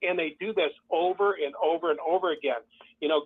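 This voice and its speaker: A man's voice: on the high side, a little fast, husky. A man calling in to a show, talking with fervent, repetitive conviction and mocking the voices he quotes. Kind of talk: impassioned call-in commentary. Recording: tinny phone line.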